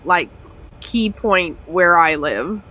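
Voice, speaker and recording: A man's voice: sits high, animated, highs cut off, noisy background. A man from the Canadian Maritimes with a Maritime accent, chatting playfully on a livestream. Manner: playful, quick. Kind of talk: casual livestream chat.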